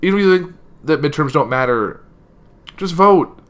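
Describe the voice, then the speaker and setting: A man's voice: a little high, lively intonation, fast. Young man reading news and commenting. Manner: casual, frequent "like" fillers when giving opinions. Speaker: political commentary vlogger. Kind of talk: reading a news article aloud, then casual opinion commentary.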